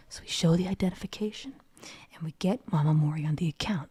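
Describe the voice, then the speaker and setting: A woman's voice: deep voice, fast talker, warm tone, slightly rough, no room sound. A young woman whispering through a long, rambling late-night story, with frequent restarts. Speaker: streamer.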